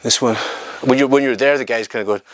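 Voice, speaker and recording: A man teaching jiu-jitsu technique during a live demonstration, talking in halting phrases and often checking in with "okay?". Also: mid-range voice. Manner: talks while moving on the mat, halting phrases. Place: training room at a retreat. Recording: noisy room recording.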